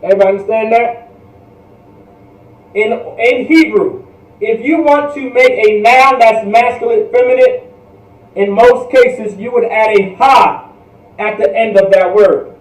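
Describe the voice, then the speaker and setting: Man, high-pitched teacher, slow drilling delivery, echoey and off-mic. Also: recorded from a distance. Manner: patient, repeats words slowly, says "all right?" often. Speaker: language class teacher. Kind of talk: online language lesson.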